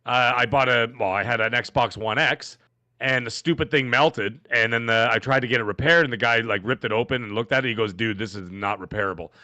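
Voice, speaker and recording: A middle-aged man co-hosting a gaming podcast in casual chat, animated and jokey, acting out the people he quotes. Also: mid-range voice, brisk, dry recording. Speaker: podcast co-host.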